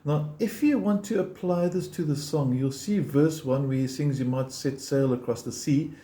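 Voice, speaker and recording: A man's voice: medium pitch, moderate pace. A man teaching a guitar lesson, explaining picking step by step in a patient, encouraging way and counting beats aloud. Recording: roomy sound with loud guitar playing.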